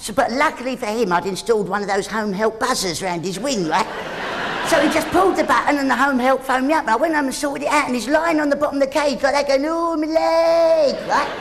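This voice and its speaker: A man's voice: very high voice, fast talker, gravelly, noisy background. A man doing live stand-up comedy on a theatre stage, rambling and teasing the audience. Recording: live theatre, loud crowd laughter.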